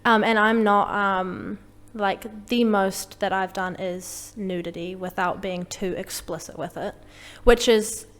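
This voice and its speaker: Chatty young woman, smooth voice. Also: medium pitch, fairly even intonation, takes it slowly, long reverb tail. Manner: chatty, full of "like" fillers, frank. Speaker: podcast guest. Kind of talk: casual conversation.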